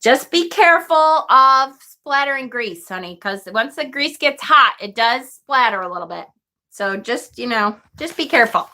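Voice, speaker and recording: A woman in her forties with a bright, clear voice, talking casually to her audience. She rambles, backtracks and laughs often as she tells a story. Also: a little high, expressive, moderate pace. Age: 40s. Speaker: witchcraft vlogger.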